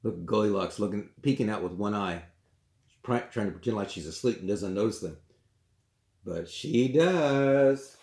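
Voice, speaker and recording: A man's voice: lowish voice, lively intonation, normal speed, darkish tone. A man reading a children's storybook aloud, with chatty asides. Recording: roomy echo.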